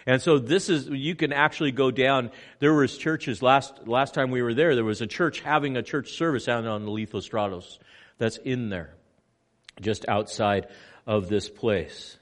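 A man preaching a sermon with slow, emphatic delivery, swinging between loud passages and hushed ones. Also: mid-range voice. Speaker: pastor. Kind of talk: sermon on location.

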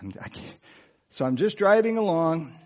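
A man preaching through a personal story, animated, with asides to the listeners. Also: a little high, moderate pace. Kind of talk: storytelling sermon. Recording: dull lo-fi sound.

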